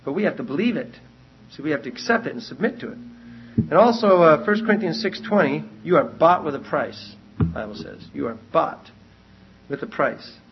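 Against a noisy background, a man with a fairly high voice and lively intonation teaches a Bible study at normal speed. Earnest and repetitive about his key points, he restarts often as he reasons, and the recording sounds dull and lo-fi.

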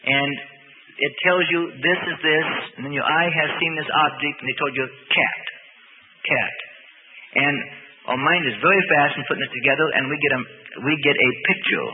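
A man delivers a sermon in a folksy, meandering manner, trailing into fillers as he goes. His voice sits a little high for a man. It comes through a thin, phone-like radio broadcast with a long reverb and a faint hiss. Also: brisk. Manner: folksy, rambling, with many fillers. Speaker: preacher.

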